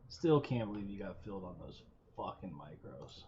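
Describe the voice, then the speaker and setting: A man's voice: sits low, very animated, moderate pace, darkish tone. A middle-aged man chatting loosely on a live trading stream. His swearing comes out offhand, and he often drops into mumbled asides. The audio is a little dull, with a faint hiss behind it. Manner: profane, offhand, mumbles under his breath. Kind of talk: casual live-stream chat.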